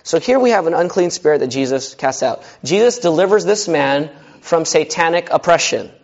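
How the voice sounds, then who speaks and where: Earnest preaching man, slightly high voice. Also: animated, normal speed, lo-fi sound. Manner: earnest, conversational preaching with direct questions to listeners. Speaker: pastor. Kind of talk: sermon.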